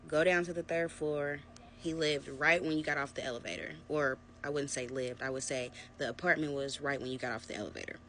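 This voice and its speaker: A young adult woman narrating a personal story to her viewers in a casual, animated storytime vlog. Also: deep voice, fairly quick, slight background noise. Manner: animated, conversational storytelling, addressing viewers as "y'all". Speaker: vlogger.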